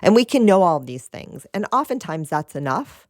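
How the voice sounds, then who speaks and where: Gentle low-voiced woman podcast host. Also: very animated, normal speed, dry recording, clean studio sound. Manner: gentle, reflective, addresses listeners as friends. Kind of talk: spiritual self-help talk.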